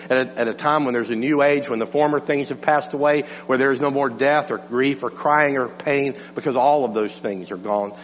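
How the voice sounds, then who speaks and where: A male pastor delivering an impassioned sermon, swinging between raised and hushed delivery. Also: mid-range voice. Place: church sanctuary. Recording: dull church recording with long reverb and mains hum.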